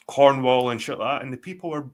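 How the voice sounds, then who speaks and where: A man's voice: mid-range voice, quick pace, a little mellow. Scottish guy on a live stream, blunt, swears a ton, rambles on. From Scotland. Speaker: guest. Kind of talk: casual live-stream chat.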